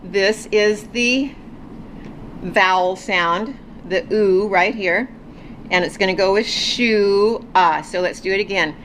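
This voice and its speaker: A woman's voice: mid-range voice, slow, fairly bright tone. A woman teaching a beginner Hebrew alphabet lesson from a ministry office, getting viewers to repeat the sounds aloud after her. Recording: noisy background.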